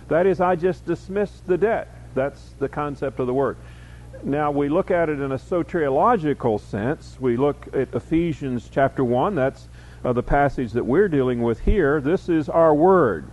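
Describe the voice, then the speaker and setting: A man with a slightly higher voice gives a Bible study lecture. He works through words one by one and reads verses aloud with stress, pausing with small fillers as he goes. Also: a little mellow, lo-fi sound. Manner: explains word by word, reads verses aloud with emphasis, frequent fillers. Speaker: Bible teacher.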